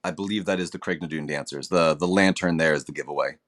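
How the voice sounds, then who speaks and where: A man with a deep, low voice chimes into a casual conversation. His answers are short and agreeable, with occasional hesitant uh's. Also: quick pace, crowd noise. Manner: brief, agreeable replies with hesitations. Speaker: podcast co-host. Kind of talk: casual chat.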